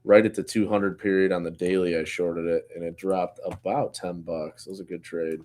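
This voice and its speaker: A man co-hosting a live trading stream in relaxed casual chat, recounting his own trades. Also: sits low, normal speed.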